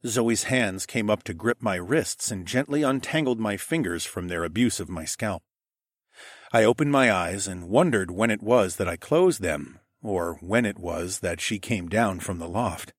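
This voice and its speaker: A man narrating a first-person fantasy romance audiobook in an expressive storytelling manner. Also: on the low side, unhurried, dry recording, studio quality.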